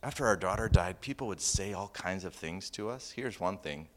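Lower-voiced male pastor telling stories. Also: moderate pace. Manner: humorous and animated, swinging from loud punchlines to quiet earnest asides. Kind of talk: sermon with personal storytelling.

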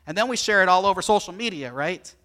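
Male pastor, middle-aged: animated sermon delivery, high and bright. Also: fast. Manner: animated, storytelling, asks the congregation questions.

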